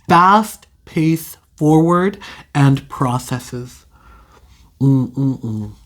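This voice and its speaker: A young adult tarot reader giving a casual intuitive reading straight to the viewer, chatty and full of fillers, stretching out key words. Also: medium pitch. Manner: chatty, filler-heavy, drawn-out keywords.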